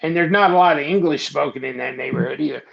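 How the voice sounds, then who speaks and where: A man's voice: fairly high pitch, fast, creaky, husky. A man co-hosting a casual podcast chat who cracks jokes and teases his friend, often trailing off mid-sentence. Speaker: podcast co-host. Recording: dull lo-fi audio.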